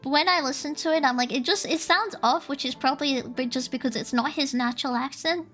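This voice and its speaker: A woman's voice: high voice, fairly quick, fairly bright tone, faint music behind. A woman streamer in casual stream chat, rambling and giggly as she thinks aloud.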